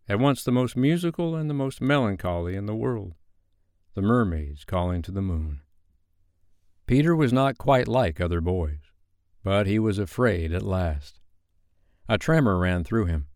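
A man with a smooth, lowish voice reads a bedtime story in a measured, gentle way. The recording is close and dry. He shapes each sentence with care. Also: no room sound.

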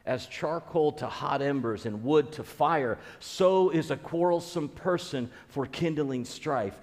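A man's voice: a little high, a little slow, a little mellow, in a large hall. A man preaching a conversational sermon as a pastor, earnest, repeating key phrases and restarting his sentences.

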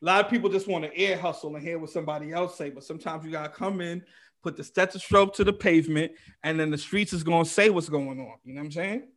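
An energetic New comedian talks in street slang and swears freely. His voice is a little higher than most men's. He tells his stories with animated bursts. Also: fast. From New York, United States. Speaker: comedian guest. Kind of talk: casual podcast chat.

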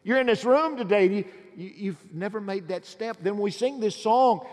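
A middle-aged pastor giving a pleading altar call and prayer in a large church, swinging between loud urges and hushed appeals. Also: male voice, sits high, animated, normal speed. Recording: long hall reverb.

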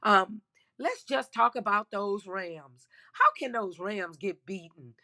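Slow, emphatic woman sports host. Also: mid-range voice, expressive, pushed and bright. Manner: chatty and emphatic, addresses listeners directly. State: losing her voice. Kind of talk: casual sports commentary.

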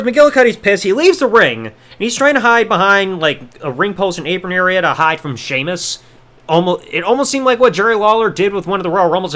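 A man's voice: high voice, a bit bright. A man hosting a review podcast, sarcastic and profane, rambling through his recap. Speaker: podcast host.

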